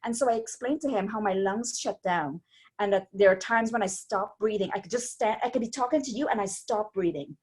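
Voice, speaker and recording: A woman, a stroke survivor telling her story as an interview guest in a rambling, animated way with many restarts. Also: medium pitch, brisk, breathy edge. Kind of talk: casual interview chat.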